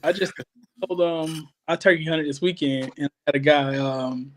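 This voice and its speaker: A man's voice: fairly high pitch, fairly even intonation, moderate pace. A man, telling hunting stories as a podcast co-host in casual chat and acting out quoted voices. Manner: storytelling, acts out quoted voices.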